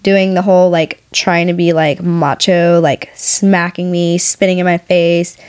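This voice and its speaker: A woman's voice: fairly low pitch, little pitch movement, a little slow, darkish tone, clean tone. A woman in her twenties co-hosting a podcast, talking frankly and crudely about a personal story. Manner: frank, crude, candid confessional talk. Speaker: podcast co-host. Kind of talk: casual storytelling chat.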